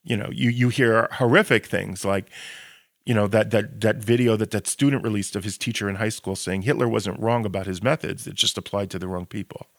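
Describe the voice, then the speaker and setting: A man's voice: on the low side, fairly even intonation, a little fast, no room sound, studio quality. A man co-hosting a podcast discussion as an educator. He argues with passion, uses sarcastic rhetorical questions and often restarts his words as he builds a point. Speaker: Israel educator and podcast co-host.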